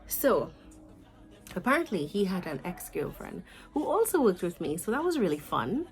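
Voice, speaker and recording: A Trinidadian woman in her twenties telling a storytime vlog in an animated, chatty way, with asides to her viewers. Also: mid-range voice, a little fast, faint music behind, poor audio. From Trinidad and Tobago. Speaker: vlogger.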